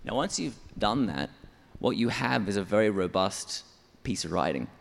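A man's voice: on the low side, very animated, moderate pace, vocal fry, big-room sound. A man who writes songs for church, explaining his method step by step in an interview. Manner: methodical, explanatory, counts syllables aloud. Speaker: church songwriter.

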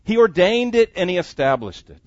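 A man's voice: high voice, very animated, a little fast, no echo, lo-fi sound. A man preaching a sermon, reading scripture aloud and pressing each point with earnest emphasis. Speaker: pastor.

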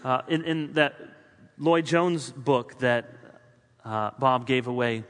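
A man preaching a sermon as a pastor, building through spoken lists and then dropping quiet for emphasis. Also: medium pitch, fairly even intonation, takes it slowly. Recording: long hall reverb.

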